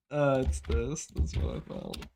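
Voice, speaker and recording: A man's voice: medium pitch, creaky, mellow, a little hiss or hum. A man chatting casually on stream, bluntly reacting to clips and swearing now and then. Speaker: speedrun streamer.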